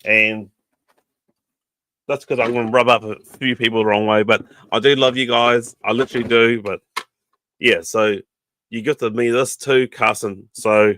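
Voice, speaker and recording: A man's voice: medium pitch, steady tone, normal speed, a bit bright. New Zealand man rambling on a livestream. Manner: rambling, full of ums, chummy with viewers. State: sore throat, coughing. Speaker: podcast host. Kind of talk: casual livestream chat.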